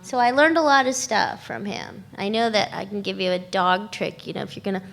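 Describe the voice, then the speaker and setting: A woman's voice: mid-range voice, a little fast, vocal fry, fairly bright tone, slight background noise. A woman voice actress chatting on a convention panel, laughing often and searching for words as she talks. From Los Angeles. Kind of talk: casual panel talk.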